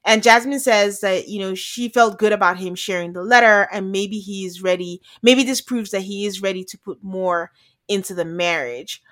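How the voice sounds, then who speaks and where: A woman co-hosting a podcast, talking through a reality show episode in loose, casual chat. Her voice sits at a middle pitch, and she laughs easily as she acts out what people said. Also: normal speed. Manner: chatty, laughs often, quotes people in animated asides.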